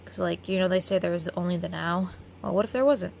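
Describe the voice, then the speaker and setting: A tired woman talks through a late-night philosophy ramble in a gravelly voice full of vocal fry. She drifts, trails off and swears freely as her thoughts wander. A faint hiss sits under her voice. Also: fairly low pitch, quick pace, a little mellow. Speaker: vlogger.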